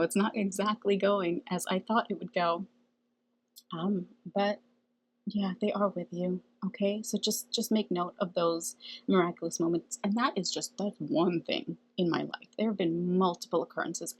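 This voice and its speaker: A middle-aged woman with a husky, slightly low voice talks casually and earnestly to her viewers. She laughs often and keeps checking in with her listeners as she goes. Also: fairly even intonation, normal speed, rough recording. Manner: chatty, earnest, laughs often, asks "okay?". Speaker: spiritual channel host. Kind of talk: casual spiritual talk to camera.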